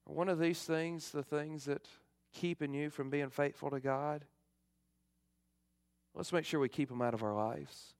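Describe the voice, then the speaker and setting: A middle-aged male pastor giving a fervent sermon, swinging from loud emphasis to hushed appeals. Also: on the high side, steady tone, unhurried, no echo, clean studio sound.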